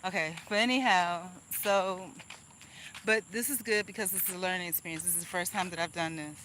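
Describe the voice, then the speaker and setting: A woman's voice: on the low side, steady tone, a little fast, fairly bright tone, a little hiss or hum, poor audio. A woman venting angrily in a casual vlog monologue, rambling with restarts and laughs. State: angry. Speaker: vlogger.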